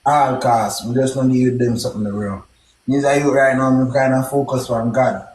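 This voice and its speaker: A young man with a Jamaican accent telling a story casually, in a heavy patois with shouted exclamations. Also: medium pitch, fairly even intonation, moderate pace, reverberant, a little hiss or hum. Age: young adult.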